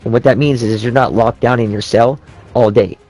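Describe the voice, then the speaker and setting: A man's voice: mid-range voice, steady tone, a little fast, darkish tone, faint music behind, rough recording. Profane rambling man ranting. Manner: profane, rambling, with frequent restarts. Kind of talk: casual rant.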